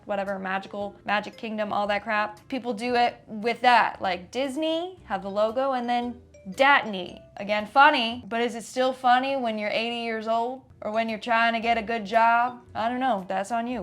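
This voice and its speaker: A woman's voice: a little high, a bit bright. A woman hosting a comedic reaction video, chatty and sarcastic with playful asides. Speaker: host.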